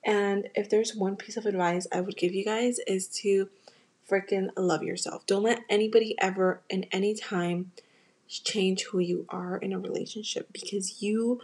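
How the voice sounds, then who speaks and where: A woman's voice: mid-range voice, darkish tone, breathy edge. A young woman from the United States hosting a podcast, telling a personal story in a candid, emotional way and talking straight to her listeners. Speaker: podcast host. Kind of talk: casual confessional storytelling.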